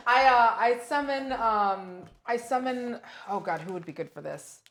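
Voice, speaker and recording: A woman's voice: a little high, measured pace, a bit bright. A woman playing a tabletop game, giggly and hesitant as she trails off mid-thought. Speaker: player. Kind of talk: casual tabletop play.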